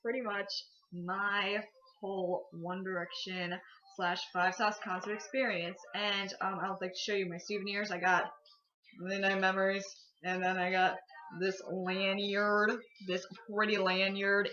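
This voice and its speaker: A woman's voice: medium pitch, little pitch movement, measured pace, bright, forceful tone, muffled recording. A teenage girl telling a casual vlog story about her concert, gushing and full of fillers. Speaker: vlogger.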